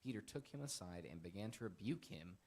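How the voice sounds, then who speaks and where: Low-voiced young man teaching Bible. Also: fairly quick. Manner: earnest, emphatic, slips into animated quoting. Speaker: Bible lesson host. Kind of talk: casual Bible teaching chat.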